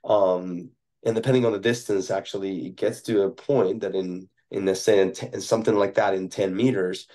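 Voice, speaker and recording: A man's voice: sits low, steady tone, normal speed, warm tone. A man, a performance coach, answering a podcast question in a thoughtful, explanatory way, often checking in with tag questions.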